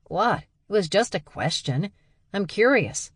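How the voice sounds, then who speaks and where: A woman's voice: medium pitch, very animated, measured pace, breathy edge, no room sound, voice pushed up. Casting: nosy, prodding woman woman reading, dry close sound. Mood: curious. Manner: curious, prodding. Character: nosy, curious bear-shifter woman.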